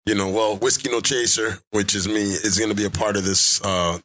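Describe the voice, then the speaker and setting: A man hosting a podcast, talking in an excitable, slangy, profane way. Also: lowish voice, brisk. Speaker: podcast host. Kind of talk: casual chat.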